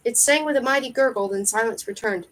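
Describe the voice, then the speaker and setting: A woman's voice: on the high side, fast talker, rough recording. Woman reading a novel aloud. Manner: steady storybook narration. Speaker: reader.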